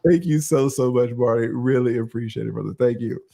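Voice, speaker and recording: Animated profane livestream host man. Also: medium pitch, a little fast, vocal fry. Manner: animated, profane, reads out chat shout-outs. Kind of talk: casual livestream commentary.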